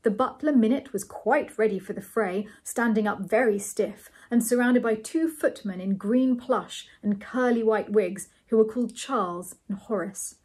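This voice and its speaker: A woman reading a novel aloud as a storyteller, measured and gently amused. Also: a little high, husky.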